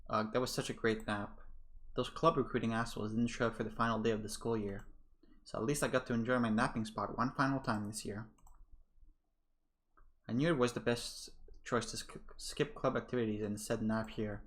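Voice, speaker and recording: A man's voice: medium pitch, steady tone, a little fast, fairly bright tone, natural voice. Man reading a lazy, grumpy schoolboy narrator. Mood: grumbling. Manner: dry, grumbling inner monologue.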